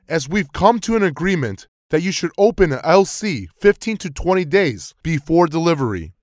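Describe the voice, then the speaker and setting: Male dialogue reader, fairly high voice, animated lilt, dry booth sound. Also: moderate pace, hardly any pauses, no echo. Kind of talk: scripted phone dialogue reading.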